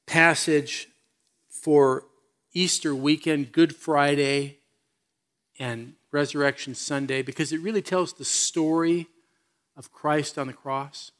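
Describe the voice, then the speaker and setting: A man's voice: a little high, a bit bright. Earnest male pastor preaching. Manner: earnest, emphatic preaching with questions to the congregation. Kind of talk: sermon.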